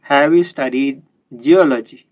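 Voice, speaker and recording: A man's voice: mid-range voice, unhurried, muffled recording, natural voice. A man voicing a proud, arrogant young professor who lectures an old sailor condescendingly. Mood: scornful.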